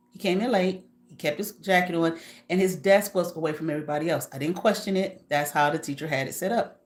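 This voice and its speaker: A woman content creator chatting to her live viewers about her days as a substitute teacher. Her voice sits a little low, and she tells stories with animated, profane asides and frequent laughter. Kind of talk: casual storytelling to a live audience.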